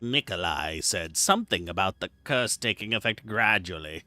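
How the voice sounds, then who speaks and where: A man voicing a gruff male villain, read in a scornful mutter. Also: low voice, animated, moderate pace, sharp tone, no echo, soft background music, voice pushed down, exaggerated voice. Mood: grumbling.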